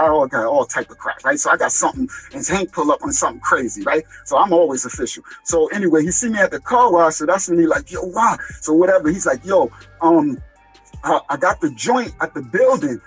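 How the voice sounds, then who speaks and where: A man, an excitable rapper telling a story in slangy street talk and acting out the dialogue. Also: a little high, quick pace, few pauses, slightly rough, soft background music, rough recording. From Long Island, New York. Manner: excitable, slangy, acts out dialogue, many restarts. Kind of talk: animated storytelling interview.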